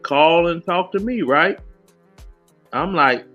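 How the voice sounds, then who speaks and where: An older man with a somewhat high-pitched voice chatting on a podcast panel. He is plain-spoken and quick with his asides, with light music faintly beneath. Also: sharp tone, lo-fi sound. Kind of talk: casual panel discussion.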